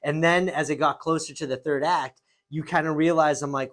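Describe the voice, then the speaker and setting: A man co-hosting a casual podcast, gushing about a film with emphatic energy and plenty of swearing. His voice sits a little higher than most men's. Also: fairly even intonation, moderate pace, few pauses, a bit bright. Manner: enthusiastic, emphatic, swears freely. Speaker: podcast co-host. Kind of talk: casual movie chat.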